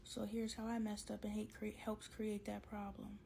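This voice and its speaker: A woman talking candidly to camera in a casual storytime vlog, slangy and animated, acting out both sides of an argument with her husband. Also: medium pitch, normal speed, vocal fry, slight background noise, low-quality recording. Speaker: vlogger.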